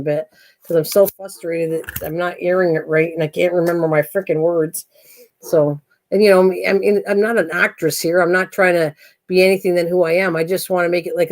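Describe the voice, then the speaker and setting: A woman's voice: fairly low pitch, darkish tone. An older woman hosting a craft channel on a live stream at home, chatting in a rambling, self-mocking way and laughing easily.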